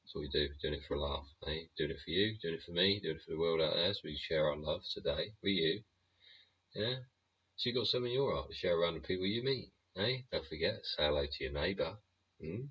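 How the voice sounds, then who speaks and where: A man's voice: low voice, animated, fast, slightly rough, lo-fi sound. A man hosting a live stream, ranting bluntly and rambling with plenty of swearing. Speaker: livestream host.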